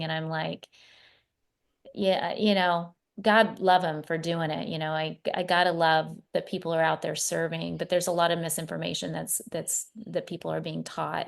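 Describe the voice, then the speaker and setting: A middle-aged woman, a spiritual coach, chatting casually as a podcast guest and telling animated stories with many restarts. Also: lowish voice, creaky. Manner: animated storyteller, repeats and restarts words. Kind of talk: casual conversation.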